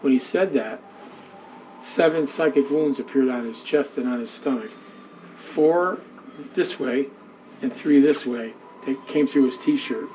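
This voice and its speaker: A man guiding visitors around a museum, telling a story in an animated way and acting out the voices of the people in it. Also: medium pitch, slight background noise, rough recording. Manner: animated, acts out quoted voices, repeats himself. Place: indoor museum room.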